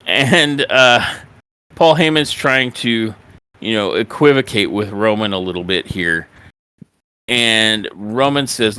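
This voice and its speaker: Low-voiced male podcast host recapping. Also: slow pace, clear, resonant tone. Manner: animated storyteller, acts out quotes. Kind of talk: recapping a wrestling show.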